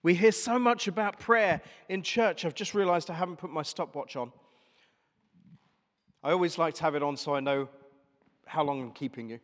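A man's voice: a little high, normal speed, long pauses, big-room sound. A man preaching a sermon in church, talking in a conversational way and putting questions to the congregation. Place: church service.

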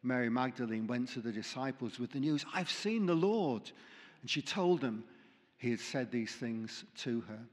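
A man's voice: mid-range voice, moderate pace, long reverb tail. A man preaching a sermon, reading scripture aloud with dramatic emphasis and dropping in light asides. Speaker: pastor.

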